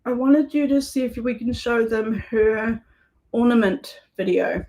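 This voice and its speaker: A woman with a New Zealand accent hosts a live craft session, talking casually and warmly to her viewers. Her voice sits a little high, and she laughs easily between remarks. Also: measured pace. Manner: chatty, laughs easily, friendly asides to viewers. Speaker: craft livestream host.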